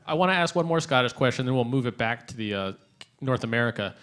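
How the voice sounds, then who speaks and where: A man's voice: mid-range voice, expressive, fairly bright tone. Jokey man moderating a fan panel. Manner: jokey, drawn-out questions. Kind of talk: casual moderated Q&A. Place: convention panel room.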